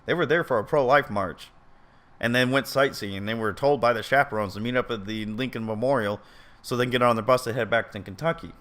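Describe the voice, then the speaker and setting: A man's voice: mid-range voice, a little fast, fairly bright tone. A man giving casual commentary as he reads an article aloud, earnest and opinionated, rambling and often stumbling and correcting himself. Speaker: video commentator.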